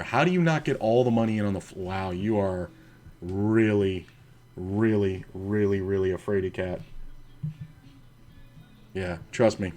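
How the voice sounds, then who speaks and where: A man's voice: lowish voice, darkish tone. A man streaming an online poker session, talking casually and profanely to himself about his hands and telling stories between plays. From United States. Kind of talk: casual commentary while playing online poker.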